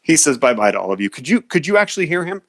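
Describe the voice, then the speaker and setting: A man's voice: a little high, big pitch swings, very fast, a bit bright. A man hosting a call-in radio show from his home office, talking casually into a cell phone in an easygoing, jokey way and chuckling often.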